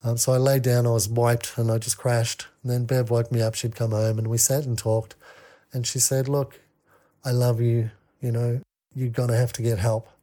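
Appearing as a podcast guest, a man tells a candid personal story, halting with many fillers and restarts. His mid-range voice has a level, dark tone.

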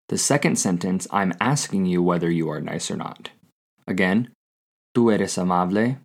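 A man with a very low voice narrating a scripted language lesson. He speaks clearly and deliberately, setting out example sentences for the learner. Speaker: language teacher.

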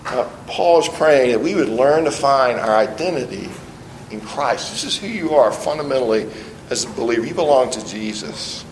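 Earnest pastor preaching in an echoey hall. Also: male voice, medium pitch, lively intonation, normal speed, a little hiss or hum. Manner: earnest, often restarting and repeating words. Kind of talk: sermon.

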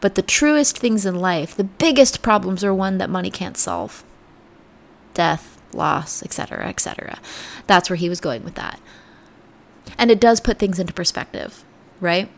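A woman with a gravelly, vocal-fried edge to her mid-pitched voice hosts a motivational self-help podcast. She speaks earnestly and reflectively, often sinking into soft, near-whispered phrases. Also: expressive, moderate pace. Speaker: podcast host.

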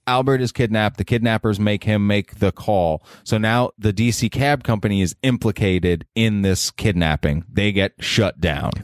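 A man's voice: lowish voice, normal speed, few pauses, no echo, studio quality. A man co-hosting a podcast, casually recapping a movie plot and swearing freely. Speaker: podcast co-host. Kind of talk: casual movie review chat.

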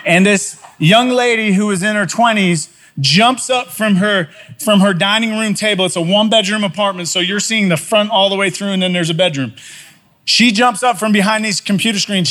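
A man with a noticeably high speaking voice tells a story from the pulpit. He is a middle-aged pastor, animated and self-mocking as he recounts his own blunder. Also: normal speed. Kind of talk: storytelling sermon.

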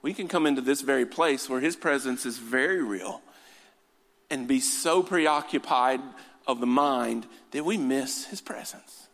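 A man's voice: mid-range voice, a little slow, fairly bright tone. A man preaching a sermon in a church, making joking asides and then building to fervent exhortation. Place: church hall. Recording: long hall reverb.

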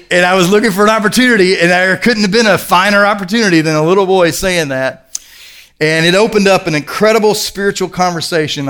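A man's voice: fairly high pitch, a bit bright. A middle-aged male pastor preaching a sermon in an earnest, conversational storytelling manner.

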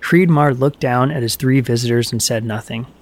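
Man, audiobook myth narration, measured, even, steady storytelling. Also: mid-range voice.

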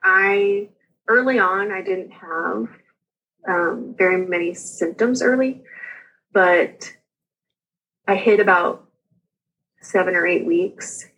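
A young woman with a slightly husky voice tells her own story as a guest on an interview show. She talks casually and quickly, with chatty asides, and laughs often through her anecdotes. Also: mid-range voice, fairly bright tone, poor audio.

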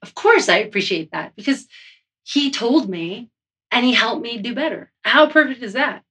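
A woman snowboarder talking casually in an interview, gushing and animated as she tells stories. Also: on the high side, moderate pace, distant mic.

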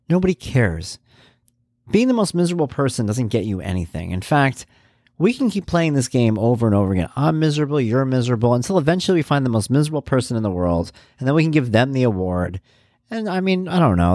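Expressive man in his forties, candid. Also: medium pitch, fast, no room sound, studio quality. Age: 40s. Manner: candid, rambling, acts out quoted voices. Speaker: podcast host. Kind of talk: personal monologue.

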